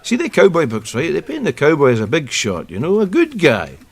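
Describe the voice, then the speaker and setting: An actor playing a sarcastic, exasperated older Scottish pensioner who reads war books. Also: male voice, fairly high pitch, huge pitch swings, a little fast, slightly rough, heavily acted.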